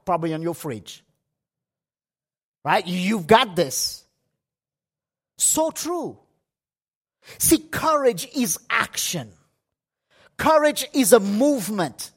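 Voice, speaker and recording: Slow, emphatic male preacher. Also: high-pitched, sing-song, breathy edge. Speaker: pastor. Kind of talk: sermon. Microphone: livestream setup.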